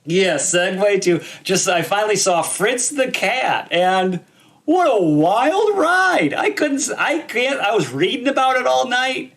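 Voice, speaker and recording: A young man with a notably high voice trades stories in a loose podcast chat. He talks with animated energy and slips into little voices when he quotes people. He sounds like he is on a video call from home. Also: measured pace, few pauses. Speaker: podcast co-host. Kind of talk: casual chat.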